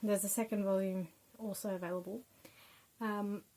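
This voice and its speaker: A woman's voice: mid-range voice, steady tone, normal speed, dark tone, poor audio. Young Australian woman, casual reviewer, chatty and loose, mid-range voice, lots of fillers. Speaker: book reviewer.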